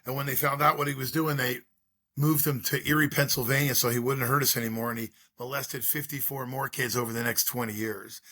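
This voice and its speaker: A man's voice: medium pitch, steady tone, brisk, pushed and bright. A middle-aged man, a school drug-prevention speaker, telling his story in an interview with earnest, repetitive rhetorical questions.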